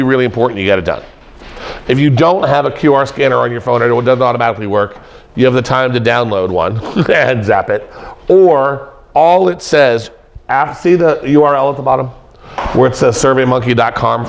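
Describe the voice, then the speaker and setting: A middle-aged professor lectures a room of students, joking as he goes and hammering points home by repeating words. His voice has a gravelly, fry-edged texture, and he lands in a middle register. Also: mid-range voice. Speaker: professor teaching presentation skills. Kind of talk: lively classroom lecture. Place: classroom with an audience.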